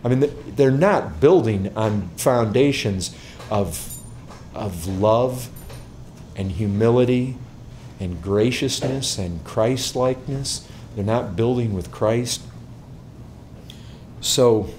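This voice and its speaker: A man's voice: mid-range voice, darkish tone, a little hiss or hum. A man, a pastor, answering a question before a group in an emphatic teaching style, repeating words and asking rhetorical questions.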